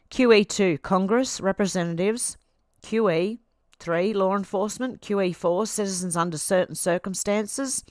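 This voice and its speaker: A woman's voice: medium pitch, no room sound, studio quality. Teary Australian woman reading chat aloud. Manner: chatty, reads viewer comments in a quick run. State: teary and sniffling. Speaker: livestream host reading chat. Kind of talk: casual livestream chat, reading comments aloud.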